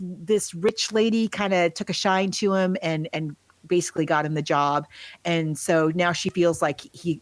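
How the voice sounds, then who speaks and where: A woman co-hosting a podcast, chatting casually about a movie and telling scenes in an animated way. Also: on the low side, no room sound. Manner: animated storyteller who acts out scenes with quick laughs. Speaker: podcast co-host.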